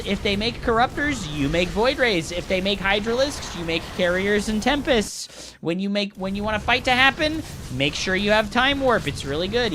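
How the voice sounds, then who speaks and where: Man, game streamer, excitable casting, lively pitch, chatty. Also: a little hiss or hum. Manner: excitable, jokey, chatty with viewers. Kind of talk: live game commentary and chat.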